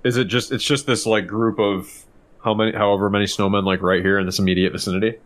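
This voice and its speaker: A man's voice: lowish voice, flat delivery, fast, a bit bright. A man playing a tabletop game, talking casually with hesitant fillers. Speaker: player. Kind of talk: casual tabletop role-play.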